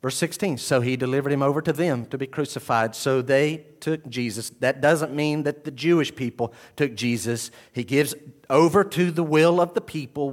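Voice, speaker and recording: Preaching man swinging from hushed to loud. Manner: swings from quiet and low to loud, raised exclamations. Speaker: pastor. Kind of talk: sermon.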